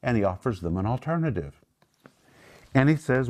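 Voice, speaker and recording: A man's voice: medium pitch, very animated, darkish tone. Male Bible teacher, emphatic, voice jumps up for quotes, stretches key words. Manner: emphatic, raises voice sharply for quotes; draws out key words slowly.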